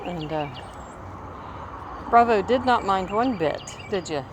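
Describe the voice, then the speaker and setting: A woman's voice: medium pitch, animated, slow pace. A woman vlogging on a dog walk outdoors, chatting casually, a little out of breath, now and then calling commands to her dog. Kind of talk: casual walking vlog. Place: outdoors in a small town. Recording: noisy outdoor recording.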